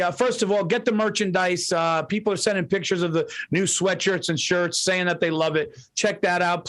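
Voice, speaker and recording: A man co-hosting a casual podcast, talking in an excitable, profane, rapid-fire way. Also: high-pitched, poor audio. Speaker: podcast co-host.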